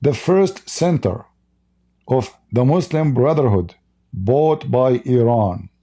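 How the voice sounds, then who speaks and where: A man's voice: mid-range voice, animated, takes it slowly, mellow. A man hosting a live stream and speaking English as a second language, giving blunt, mocking commentary and reading out viewer chat. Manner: heated, blunt, mocking, with broken non-native English.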